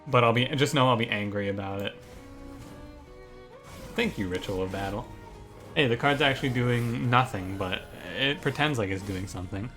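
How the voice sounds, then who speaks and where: A man's voice: medium pitch, moderate pace, pauses often, music in the background. A young man giving casual commentary on a card game as he streams it, thinking aloud with many restarts. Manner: thinks aloud, restarts, gets ranting and exasperated. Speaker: gaming streamer.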